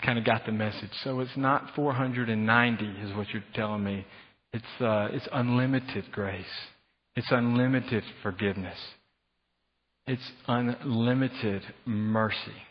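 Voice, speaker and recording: A man preaching a sermon as pastor, animated, acting out the voices of his listeners. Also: medium pitch, unhurried, slightly rough. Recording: dull sound with long hall reverb.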